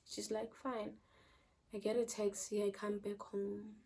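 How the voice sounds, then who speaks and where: A young woman with a South African accent telling a personal story in casual vlog chat, switching between loud bursts and quiet trailing phrases. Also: medium pitch, little pitch movement, a little slow, breathy edge. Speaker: vlogger.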